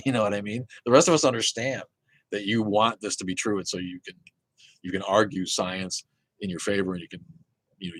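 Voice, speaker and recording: A man's voice: low-pitched, fairly bright tone, slightly rough, no echo, low-quality recording. A man hosting a live atheist Q and A, talking casually and rambling, swearing freely and restarting his sentences. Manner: rambling, profane, many fillers and restarts. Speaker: host of an atheist live show.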